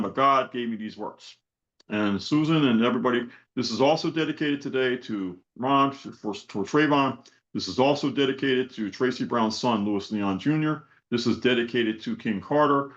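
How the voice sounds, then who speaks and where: A man's voice: medium pitch, fairly bright tone. Impassioned man on a muffled video call. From South Florida. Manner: repetitive rhetorical questions, preacher-like build. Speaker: event host. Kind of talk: impassioned spoken poem and call to action.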